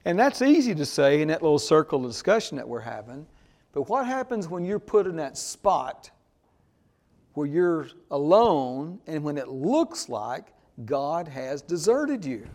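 Slow, emphatic male preacher. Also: fairly high pitch, sing-song, a little mellow. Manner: slow, emphatic preaching with call-and-response "Amen?". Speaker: pastor. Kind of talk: sermon.

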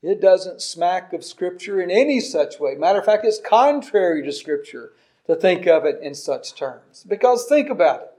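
A man in his sixties preaching a sermon, emphatic, with soft asides and loud stresses. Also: high voice, sing-song, normal speed. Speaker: pastor.

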